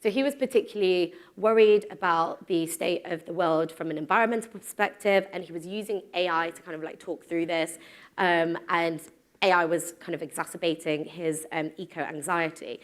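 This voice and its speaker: A woman's voice: fairly low pitch, moderate pace. A woman in her thirties giving a live conference talk to an audience, casual and self-deprecating, with frequent ums. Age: 30s. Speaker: conference speaker. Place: stage before a live audience.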